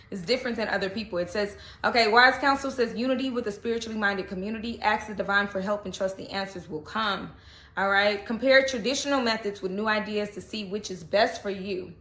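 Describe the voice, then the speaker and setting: A woman's voice: mid-range voice, fairly bright tone. A woman giving a casual spoken tarot reading, chatty and reassuring, often checking in with "okay?". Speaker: tarot reader. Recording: echoey room.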